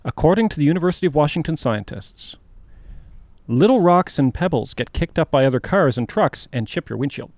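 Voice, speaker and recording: A man's voice: a little high, expressive, brisk, a little mellow, no room sound. A man co-hosting a casual history podcast, telling the story and building suspense with questions. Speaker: podcast co-host.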